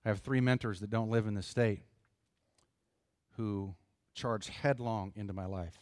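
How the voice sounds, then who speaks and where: A middle-aged man preaching a sermon in an earnest, conversational way, pausing for emphasis. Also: fairly low pitch, fairly even intonation, darkish tone, no echo, clean studio sound. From United States. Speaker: pastor.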